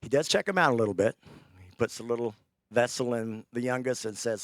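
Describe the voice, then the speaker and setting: A man preaching a sermon, telling a scripture story with animated, acted-out character lines. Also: mid-range voice, a little fast, dry recording, clean studio sound.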